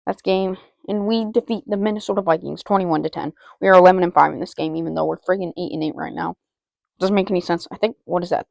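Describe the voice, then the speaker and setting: An excitable woman calls her own football video game as she plays, chanting player names and muttering to herself between plays. Her voice carries a gravelly fry, and the recording is close and dry, with no room around it. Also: lowish voice, no echo. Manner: excitable, repeats player names, talks to self. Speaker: gaming channel host. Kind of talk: live video game commentary.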